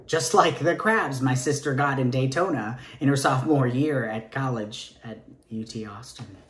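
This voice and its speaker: A man's voice: mid-range voice, normal speed, a bit bright, echoey room, slight background noise, close to an everyday voice. An actor playing a nervous gay man interviewing for a teaching job, rambling and stammering in a Southern accent, sometimes dropping to a whisper. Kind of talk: comic stage monologue.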